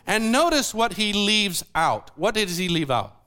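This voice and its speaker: A man's voice: high-pitched, measured pace, clear, resonant tone. A man preaching a sermon, explaining scripture and putting questions to the congregation. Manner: animated, asks the audience questions.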